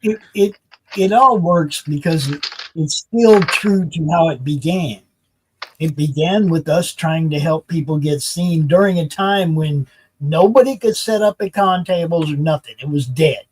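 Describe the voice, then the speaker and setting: A laid-back man swapping stories on a stream, his voice husky and raspy and pitched a bit high. He talks easily and unhurriedly. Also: a little slow, a little mellow, rough recording. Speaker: voiceover artist and co-organizer. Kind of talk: casual chat.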